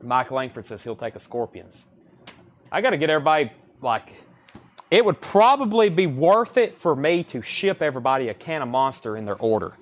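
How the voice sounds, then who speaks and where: A man's voice: medium pitch, sing-song, a little fast. A man hosting a live record sale stream, rattling off titles and prices with casual asides. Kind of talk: live sales stream chat.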